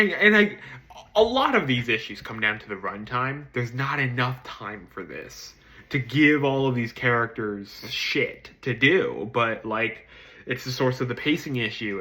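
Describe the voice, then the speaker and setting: A man giving a casual spoken film review, hesitant with many ums and restarts, swearing casually and jumping into excited emphasis. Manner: jumps to excited high-pitched emphasis.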